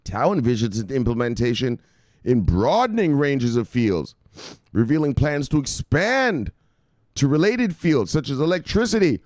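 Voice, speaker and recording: A man hosting a cryptocurrency news vlog in an excitable, profane style, laughing often and repeating himself. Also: moderate pace, no echo, clean studio sound. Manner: shouts "bang" and "boom" with rising excitement.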